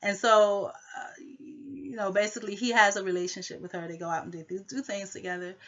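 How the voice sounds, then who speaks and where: A woman's voice: mid-range voice, steady tone, brisk, a bit bright, muffled recording. A woman rambling through a personal conflict story, full of filler phrases.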